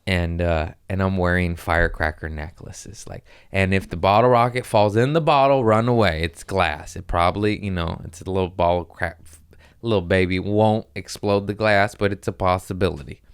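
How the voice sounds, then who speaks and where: A man's voice: low-pitched, normal speed, smooth, no room sound, studio quality. A man hosting a podcast, telling rambling stories in a casual chat and acting out what people said. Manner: rambling, animated storytelling with voiced quotes. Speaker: podcast host.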